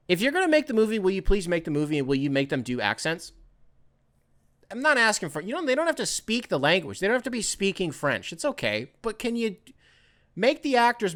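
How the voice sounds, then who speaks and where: A young man hosts a casual solo podcast in a somewhat high voice. He rambles with animated energy, drops swear words and keeps catching and correcting himself mid-thought. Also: clean tone. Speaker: podcast host.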